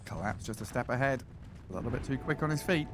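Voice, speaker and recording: Excitable esports caster man. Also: fast talker, loud music behind the voice. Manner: excitable, laughs often, pitch jumps on big plays. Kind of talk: play-by-play commentary.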